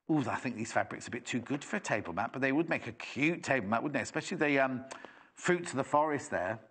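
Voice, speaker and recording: A British man with a slightly high-pitched voice presents products on live shopping television. His delivery is chatty and enthusiastic, full of rambling asides. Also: a bit bright.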